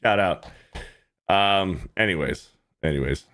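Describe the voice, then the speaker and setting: A man's voice: sits low, a little slow, fairly bright tone. A man hosting a livestream, reacting to clips in casual, profane commentary and often repeating himself. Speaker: livestream host.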